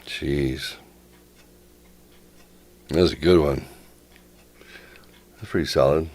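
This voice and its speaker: A man hosting a casual interview, talking in animated, halting bursts and often restarting his sentences. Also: a bass voice. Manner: animated, halting, quotes others in lively bursts. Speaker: podcast host.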